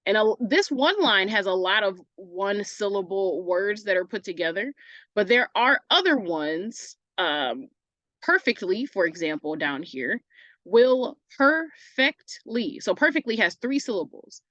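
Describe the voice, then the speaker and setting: A woman's voice: medium pitch, animated, unhurried, fairly bright tone, dry recording, dull audio. A woman teacher giving a recorded online English lesson, casual and self-correcting, often asking "right?" as she goes.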